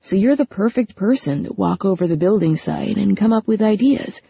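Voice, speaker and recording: Woman doing a breezy young man, coaxing, mellow husky tone, dull sound. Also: mid-range voice, animated, moderate pace, no echo, exaggerated voice. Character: eager, persuasive young adult man. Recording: dull lo-fi recording.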